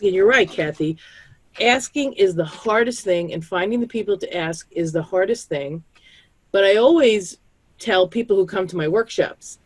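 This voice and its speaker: A woman's voice: medium pitch, breathy edge, dry recording. A woman on a community call, giving chatty advice on pet care and acting out the voices of people she quotes. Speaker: pet disaster-planning speaker.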